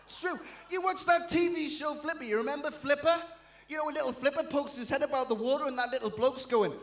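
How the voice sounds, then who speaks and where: A man's voice: extremely high pitch, a bit bright. A man with a Geordie accent doing a brash, bawdy stand-up routine on a showcase stage. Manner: brash, bawdy, quick punchlines. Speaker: stand-up comedian. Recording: echoey venue.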